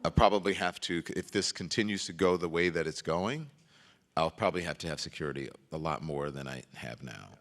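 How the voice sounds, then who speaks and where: A man speaking as the guest journalist in a live stage conversation, an animated storyteller who gets loud and laughs as he tells it. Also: deep voice, fairly quick, long reverb tail. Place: event stage before an audience.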